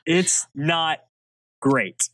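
An animated podcast host talks through a favorite film and reads its script, laughing easily. The voice is lively and swings widely in pitch. The recording is dry and close in a home setup. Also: no echo. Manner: animated and expressive, quick to laugh. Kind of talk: casual film discussion and script reading.

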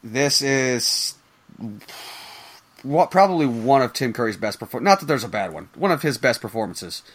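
A man hosting a casual movie-review podcast who gets excitable and swears freely. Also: mid-range voice, normal speed. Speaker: podcast host.

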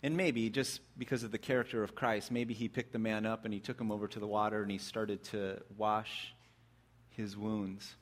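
A man preaching a sermon, retelling a story vividly, swinging between excited bursts and hushed, reflective passages. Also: on the low side, moderate pace.

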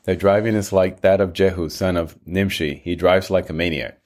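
A man's voice: sits low, steady tone, moderate pace, a little mellow, lightly acted. A man voicing a male lookout who reports plainly from a tower. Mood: alert.

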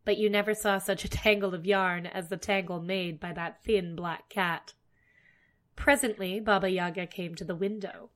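A woman's voice: mid-range voice, moderate pace. Woman reading a fairy tale aloud. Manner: expressive, dramatic read-aloud. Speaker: storyteller. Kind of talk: storybook narration.

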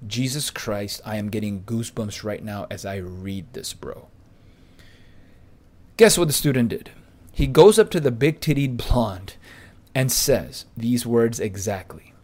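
A man narrating a podcast story from a script, with a boastful, pumped-up delivery. He leans on crude slang and gets louder at the exciting parts. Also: mid-range voice, unhurried. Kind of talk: reading a first-person anecdote aloud.

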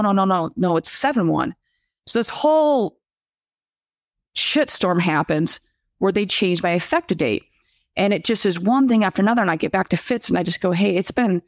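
Animated woman podcast host, dry sound. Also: mid-range voice, no room sound. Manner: animated storyteller, frequent restarts, reads out viewer comments. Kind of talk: casual livestream chat.

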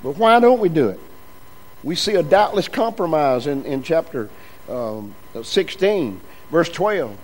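A man with a notably high-pitched voice preaches a sermon to his congregation. He drives his points home through repeated phrases, and his emphasis swells and drops as he goes. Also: very animated, unhurried, poor audio. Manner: emphatic preaching with repetitions and rising, falling emphasis.

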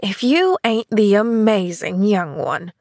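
A woman's voice: medium pitch, big pitch swings, takes it slowly, creaky, darkish tone, no room sound, exaggerated voice. Woman voicing a sour bedridden woman. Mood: grudging. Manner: sour and dry, grudging. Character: bitter, grudging bedridden woman of forty.

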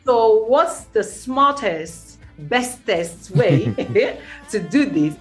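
A middle-aged Nigerian woman with a Nigerian Pidgin English accent is a studio guest on a radio interview, telling her story with animation. Her medium-pitched voice leaps upward when she stresses a point, she draws out her words, and faint music plays behind her.

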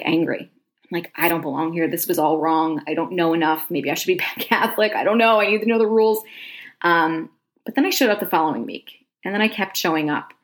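A woman in her thirties talks through her own story in a casual monologue. Her voice sits low for a woman. She sounds earnest and chatty and fills her sentences with "like" and "um". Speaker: podcast host.

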